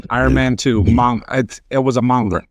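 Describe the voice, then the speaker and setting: A man co-hosting a podcast in casual chat, excited and emphatic, now and then dropping a Spanish word. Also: mid-range voice, normal speed, dry recording, clean studio sound.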